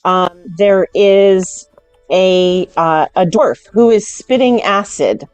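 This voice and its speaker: A woman's voice: medium pitch, takes it slowly, a little mellow, clear, resonant tone, no echo. Hesitant woman game master, faint music. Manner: hesitant, with fillers and laughs. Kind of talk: narrating a tabletop game.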